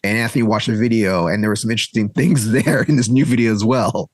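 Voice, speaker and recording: A man co-hosting a podcast in casual chat, teasing his partner, laughing often and jumping in with quick quips. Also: lowish voice, dry recording, clean studio sound. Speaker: podcast co-host.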